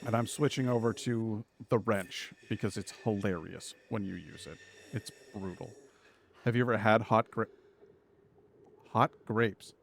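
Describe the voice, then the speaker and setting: A man streams a game live, rambling casually and tossing out jokes and puns while he plays. He speaks at a measured pace in a lowish voice with vocal fry, over slight background noise.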